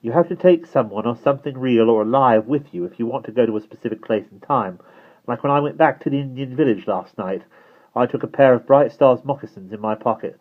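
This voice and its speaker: A man's voice: medium pitch, fairly quick, voice pushed up, natural voice. A man reading aloud and voicing an earnest, worried young boy in a storybook, talking urgently over a tinny, phone-like recording. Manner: urgent, insistent.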